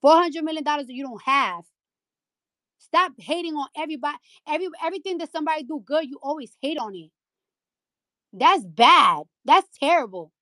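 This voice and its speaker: A rapper hosting a live audio chat room launches into an angry, profane rant, repeating lines for emphasis into her phone mic. Her voice sits high and comes out animated, fast and a bit bright. There's no room sound.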